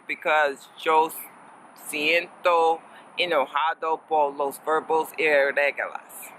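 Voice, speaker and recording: A woman's voice: deep voice, sharp tone, slight background noise, rough recording. A woman casually teaching a lesson as a fellow learner, chatty and playful, laughing often and slipping in Spanish words.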